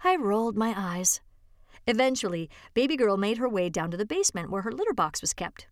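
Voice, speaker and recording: A woman's voice: mid-range voice, big pitch swings, brisk, dry recording. Woman reading a story aloud, dry close mic. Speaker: volunteer reader. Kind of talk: read-aloud story narration.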